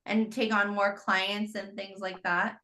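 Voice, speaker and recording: A woman's voice: medium pitch, little pitch movement, a little slow, pushed and bright. Enthusiastic woman co-host on a video call. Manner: enthusiastic, effusive. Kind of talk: casual video call chat.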